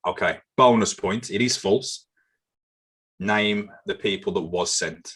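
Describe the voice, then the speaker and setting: Husky-voiced man running a quiz. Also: on the low side, takes it slowly, a bit bright. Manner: swearing, banter-heavy, repeats himself. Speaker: podcast co-host, quizmaster. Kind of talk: casual chat.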